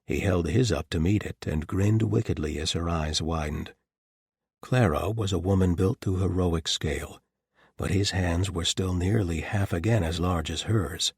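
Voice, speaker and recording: Male narrator, deep voice, husky, calm, measured, dry close sound. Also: no room sound. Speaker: audiobook narrator. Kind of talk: scripted narration.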